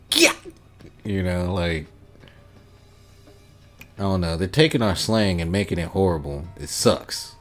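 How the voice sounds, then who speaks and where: Deep-voiced laid-back male streamer. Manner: laid-back, rambling, chuckles often. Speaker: gaming livestreamer. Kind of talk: casual chat reading out viewer comments.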